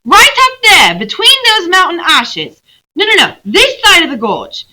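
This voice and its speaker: A high, loud, pleading little girl's voice, as a woman reads her aloud. She is insistent and on the edge of tears, the pitch leaping upward and the tone bright. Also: wildly swooping pitch, measured pace, full character voice. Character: excited young girl, insistent and tearful.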